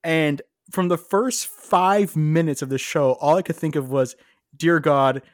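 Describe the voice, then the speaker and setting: A man's voice: on the high side, unhurried, dry recording, studio quality. A man co-hosting a podcast in casual chat, joking and sarcastic. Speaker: podcast co-host.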